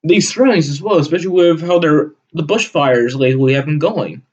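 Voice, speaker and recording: A man delivering a heated, profane solo rant with sudden loud bursts. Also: a little high, a little fast. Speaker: channel host. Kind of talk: solo ranting monologue. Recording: dull lo-fi recording.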